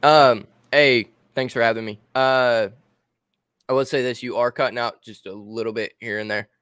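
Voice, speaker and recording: A man's voice: medium pitch, fairly even intonation, normal speed, a bit bright, clear, resonant tone, dry recording, clean studio sound. A man guesting on a livestream, casually explaining things step by step while he shares his screen over a call. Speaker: guest co-host.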